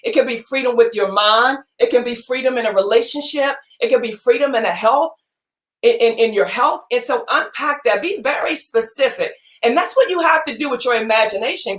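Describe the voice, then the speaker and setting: A woman's voice: sits high, fairly bright tone. A woman giving a motivational talk to her audience, preaching with repeated phrases for emphasis. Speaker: motivational speaker and gym owner.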